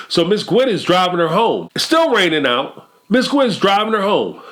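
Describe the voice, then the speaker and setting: High-voiced man telling a story. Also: big pitch swings, normal speed, few pauses, fairly bright tone. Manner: conversational storytelling, emphatic. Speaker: commentary vlogger. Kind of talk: reality-show commentary.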